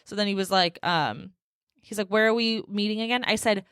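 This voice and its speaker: A woman's voice: mid-range voice, fairly quick, fairly bright tone, smooth, no echo, clean studio sound. A young woman hosting a solo podcast, telling a dating story in a sassy, exasperated way and laughing often. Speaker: podcast host.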